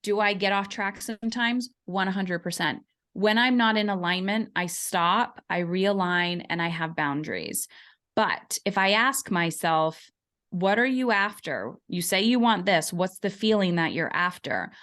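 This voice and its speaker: A woman's voice: medium pitch, measured pace, a bit bright. A woman in her forties, a podcast guest, telling a story with energy and acting out the voices she quotes. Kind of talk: conversational interview.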